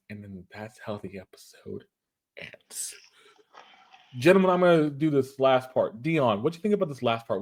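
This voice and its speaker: A man's voice: mid-range voice, a little mellow. A man hosting a casual show, retelling an anime episode in a rambling way with many restarts. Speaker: podcast host.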